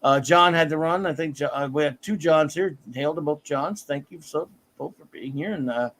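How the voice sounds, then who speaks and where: A man's voice: a little high, normal speed. A middle-aged man hosting a casual live stream, chatting about comics and thanking viewers by name. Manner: warm shout-outs to chat viewers. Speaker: host of a comics talk stream.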